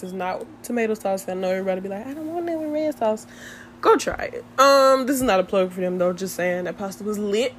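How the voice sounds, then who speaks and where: A young woman chatting to her viewers in a lively, slangy storytime, laughing often. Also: mid-range voice, a little hiss or hum. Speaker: vlogger. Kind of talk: casual storytime chat.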